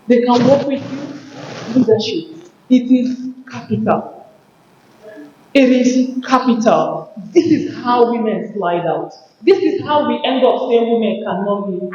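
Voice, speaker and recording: A woman giving an animated motivational talk at a conference, often acting out workplace exchanges. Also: mid-range voice, slight background noise. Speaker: conference speaker. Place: conference hall. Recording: very echoey hall, dull sound.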